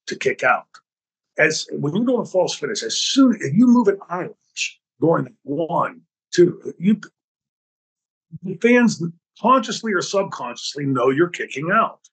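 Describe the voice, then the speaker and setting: A man hosting his own podcast, telling backstage stories in an animated, profane way and acting out the dialogue. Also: on the high side, breathy edge, rough recording. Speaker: podcast host. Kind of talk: storytelling podcast talk.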